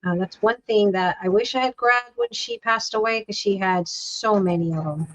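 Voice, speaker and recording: A woman's voice: medium pitch, normal speed, low-quality recording. A woman hosting a casual craft livestream, chatting and rambling as she works, often breaking off mid-sentence. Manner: chatty, rambling, self-interrupting.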